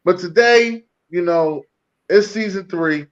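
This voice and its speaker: A man's voice: high voice, moderate pace, lo-fi sound. A man co-hosting a podcast in casual chat, laid-back and easygoing, often repeating his phrases. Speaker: podcast co-host.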